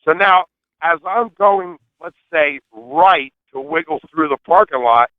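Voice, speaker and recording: Brash male phone guest, lively storyteller, higher voice, tinny phone-line sound. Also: measured pace, no room sound. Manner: brash, swearing, laughs at his own story. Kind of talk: animated storytelling.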